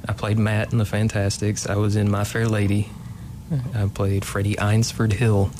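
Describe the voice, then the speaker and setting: A man's voice: fairly low pitch, completely flat delivery, normal speed, background noise. A man in his late twenties from Kentucky, a playwright guest in a casual interview, talking hesitantly with many ums and restarts. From Kentucky, USA.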